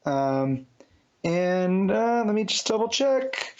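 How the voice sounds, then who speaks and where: A man's voice: high-pitched, big pitch swings, slow. A man co-hosting a podcast, summing up comics in a casual, rambling chat full of fillers and restarts. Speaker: podcast co-host. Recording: dull lo-fi sound.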